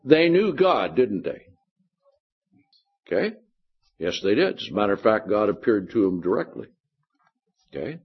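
Husky man teaching a Bible study. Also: lowish voice, big pitch swings, moderate pace, long pauses, muffled recording. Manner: explains scripture verse by verse, often checks in with "Okay?". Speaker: pastor.

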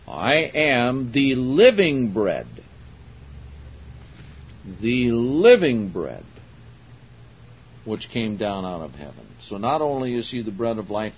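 A man preaching a sermon verse by verse, slow and emphatic, rising loud on quoted verses. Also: on the low side, lo-fi sound, slight background noise. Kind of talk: sermon, verse-by-verse Bible teaching.

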